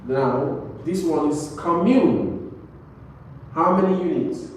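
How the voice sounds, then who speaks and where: Male classroom teacher, fairly high voice, drills words, far from the mic with faint noise. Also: slow pace, darkish tone, very echoey. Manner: repetitive, checks understanding with "right?". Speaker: English teacher. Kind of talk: classroom lesson.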